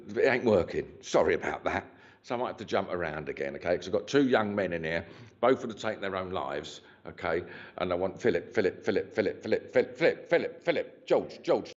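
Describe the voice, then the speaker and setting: Cheeky chatty medium. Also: male voice, lowish voice. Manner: chatty, joking, cheeky, restarts often. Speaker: spiritualist medium. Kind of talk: live mediumship demonstration. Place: church hall. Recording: dull lo-fi sound.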